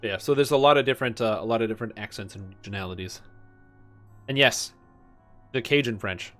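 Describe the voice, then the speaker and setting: A man's voice: on the low side, a little fast, a bit bright, soft background music. A man streaming a game, chatting casually and rambling with many fillers. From Canada. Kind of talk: casual gaming chat.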